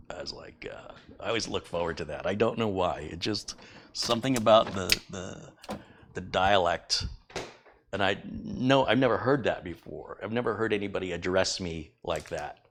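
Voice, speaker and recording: Middle-aged guy w a low voice, rambly live stream chat, laughs at himself a lot. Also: a bit bright, a little hiss or hum. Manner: rambling, self-deprecating, chuckles often. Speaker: tech YouTuber reading donations.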